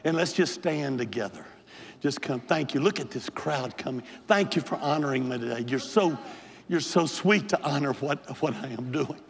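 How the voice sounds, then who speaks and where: Impassioned older preacher in a big church. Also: male voice, medium pitch, expressive, normal speed, gravelly, a little hiss or hum. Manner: impassioned, pleading preacher who builds to hollering. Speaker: bishop, preaching pastor. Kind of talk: live Pentecostal sermon and altar call. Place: large church sanctuary with a balcony and altar. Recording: long hall reverb in a big church.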